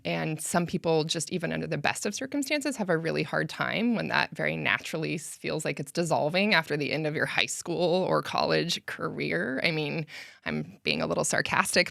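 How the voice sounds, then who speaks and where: Low, gravelly-voiced woman guest. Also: normal speed, no echo, clean studio sound. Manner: animated storytelling with frequent fillers and laughs. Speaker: concussion program coordinator and lecturer. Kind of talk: casual conversational interview.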